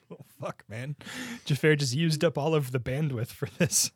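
A man's voice: a little high, normal speed, husky, no echo, clean studio sound. A man co-hosting a podcast in casual chat, rambling and self-deprecating, swearing freely. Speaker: podcast co-host.

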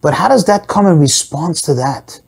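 A man's voice: on the high side, normal speed, creaky, breathy edge. A man teaching a Torah class, explaining a text with rhetorical questions and Hebrew and Yiddish terms mixed into his English. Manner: animated, asks and answers his own rhetorical questions.

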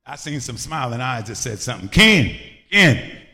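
A bright, ringing man's voice preaches with wide swings of pitch, breaking into shouts and sing-song lines. He leads a congregation in call and response. The sound carries long reverb from a church hall. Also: big pitch swings, moderate pace, soft background music. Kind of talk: lively sermon with call and response.

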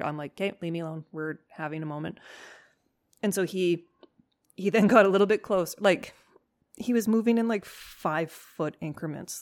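A woman with a lowish voice tells stories as the host of a dog-training podcast. She is animated and candid, swears freely, and acts out her own lines as she goes. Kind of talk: casual storytelling monologue.

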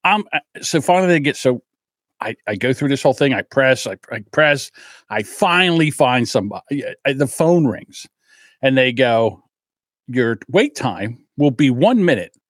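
A man's voice: mid-range voice, normal speed, dry recording, studio quality. A man hosting a podcast, telling a casual story, acting out the voices in it and swearing freely. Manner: animated, acts out voices in his anecdotes; swears freely, self-deprecating about his temper. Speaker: podcast host.

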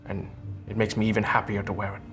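A man's voice: fairly low pitch, monotone, quick pace, music in the background, lightly acted. A man in character as a humble, nervous male envoy, stammering and apologizing with many restarts. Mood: earnest. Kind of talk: tabletop role-play in character.

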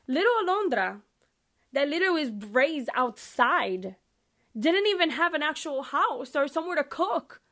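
A woman's voice: high-pitched, normal speed. A young woman hosting a podcast, reading the Bible aloud and commenting on it in a casual, emphatic, chatty way, talking straight to her listeners. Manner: animated, emphatic and chatty, addressing listeners directly. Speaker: podcast host.

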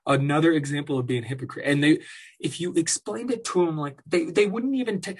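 Man, husky voice, angry profane rant, sarcastic mocking asides, commentary. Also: a little high, very animated, fairly quick. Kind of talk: ranting commentary.

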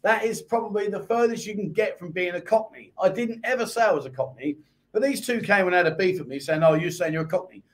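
London guy with a high voice, hosting a live chat show, reading out viewer comments and rattling off answers. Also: animated, fast. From England. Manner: chatty, reads viewer comments aloud and answers them. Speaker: host. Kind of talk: casual live-stream chat.

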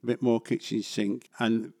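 An older man with a broad Mancunian accent talks at a middling pitch as an interview guest. He rambles along in a chatty, self-deprecating way, with plenty of asides. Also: flat delivery, normal speed, warm tone. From England. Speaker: guest actor. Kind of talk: casual interview chat.

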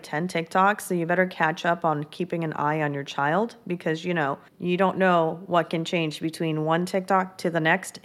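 A woman hosting her own podcast, recapping a TV episode in a chatty, upbeat way and acting out the characters' lines as she goes. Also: fairly low pitch. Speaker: podcast host. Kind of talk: casual solo podcast recap.

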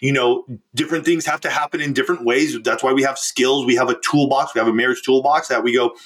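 A man's voice: mid-range voice, steady tone, fast talker, fairly bright tone. A man, a relationship coach, telling a client's story as a podcast guest, earnest and emphatic. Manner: earnest, emphatic, acts out quoted speech. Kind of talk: conversational storytelling.

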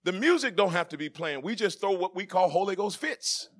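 High, bright-voiced preacher man. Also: expressive, fairly quick. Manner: swings from soft conversational asides to shouted preaching; jokes with the congregation, laughing. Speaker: pastor. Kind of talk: sermon.

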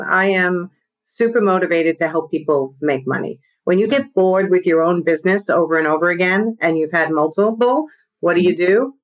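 Middle-aged woman, New York accent, low-ish voice, energetic fast-talking coach, podcast guest on a remote mic. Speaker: business coach. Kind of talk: podcast interview.

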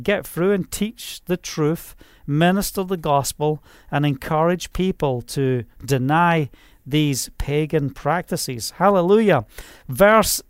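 A man's voice: high voice, smooth, dry recording, clean studio sound. A man preaching an informal online sermon, rambling and conversational, with many fillers and restarts.

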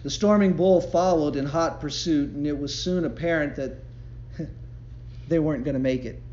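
Telling stories and laughing as he goes, a man gives a conversational devotion sermon in a somewhat high, slightly mellow voice at a moderate pace. There's a little hiss or hum, and the recording is roomy and slightly dull with faint ambience.

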